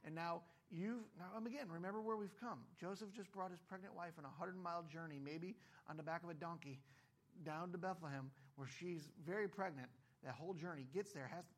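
A man preaching a sermon with a fairly high voice. He is animated, asks his listeners one rhetorical question after another and briefly acts out the voices of figures in the story. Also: a little fast. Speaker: pastor.

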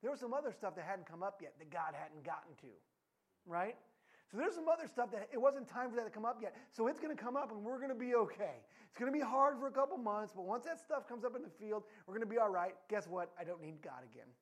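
A man preaching a sermon, mixing personal stories with scripture. His voice leaps up and cracks when a story gets excited, then drops low and quiet for serious points. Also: fast. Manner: animated, voice jumps up and cracks when telling stories.

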